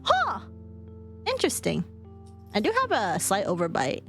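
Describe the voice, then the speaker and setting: A woman's voice: medium pitch, unhurried, soft background music. A young woman from California with a Californian accent, chatting casually on a stream and laughing often. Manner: giggly, laughs often, animated.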